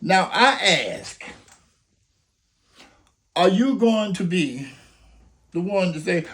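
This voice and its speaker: An older man, a grandfather, urges people to vote in an impassioned, preacher-like appeal packed with rhetorical questions and story scenarios. His voice sits high and fairly bright, animated yet very slow, with long pauses.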